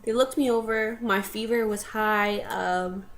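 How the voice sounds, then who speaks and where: Young woman, casual vlog storytelling, rambling, mid-pitched voice, slight background hiss. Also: fairly even intonation, measured pace. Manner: rambling, filler-heavy, with tearful laughing bursts in quotes.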